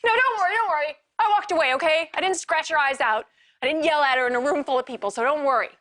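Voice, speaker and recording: An actress playing a wife torn between guilt and anger in a TV drama, speaking in a raw, emotional way. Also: female voice, mid-range voice, normal speed, a bit bright, natural voice. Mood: furious, hurt. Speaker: soap opera wife. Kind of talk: TV drama acting.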